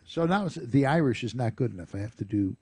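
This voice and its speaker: A man's voice: medium pitch, lively intonation, fast, darkish tone, breathy edge, no room sound. A middle-aged man co-hosting a talk radio show, bantering casually and laughing often. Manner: jokey, laughs often, drops into comic voices. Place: radio studio.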